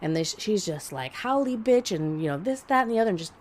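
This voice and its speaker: A woman on a podcast telling a story in casual chat, blunt and profane, animated and laughing as she talks. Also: low-pitched, racing. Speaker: podcast co-host.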